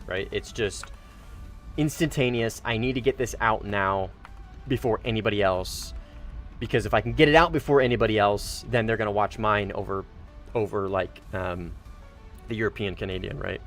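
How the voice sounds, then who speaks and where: Low-voiced man rambling on a game stream. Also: normal speed, soft background music. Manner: rambling, self-correcting, casually profane. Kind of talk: casual gaming livestream chat.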